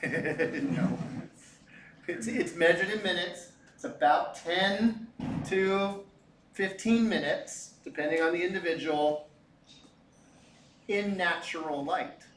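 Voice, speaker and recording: A middle-aged man teaching a physics class, animated and chatty, often asking rhetorical questions. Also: high-pitched, slow pace, pauses often, slight background noise. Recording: echoey classroom.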